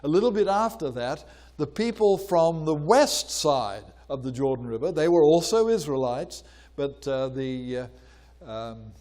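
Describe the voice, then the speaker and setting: Older man, guest lecturer, casual lecture, lightly raised pitch, frequent fillers. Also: darkish tone. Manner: conversational, many fillers, acts out voices in retelling. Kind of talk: informal lecture.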